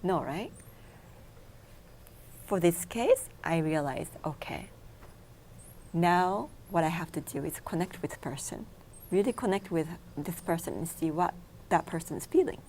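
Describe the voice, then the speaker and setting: A woman's voice: on the low side, animated, measured pace, long pauses, a little mellow, a little hiss or hum. A woman whose first language is Japanese, a meditation instructor being interviewed in a TV studio, explaining steps in simple English. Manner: explains in numbered steps, simple non-native grammar. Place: local TV studio.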